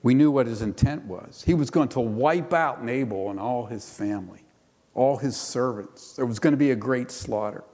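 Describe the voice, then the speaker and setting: A man's voice: mid-range voice, moderate pace, darkish tone. A middle-aged male pastor giving a sermon, reading scripture and then explaining it in a conversational way. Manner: reads scripture then explains it conversationally, with playful voices for quotes. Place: church. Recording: long hall reverb.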